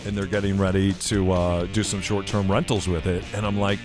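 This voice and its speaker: A man's voice: low-pitched, little pitch movement, fairly quick, over music. A man co-hosting a casual radio talk show, telling a story in an earnest, heartfelt way. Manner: earnest, storytelling, a bit emotional. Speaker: co-host and realtor.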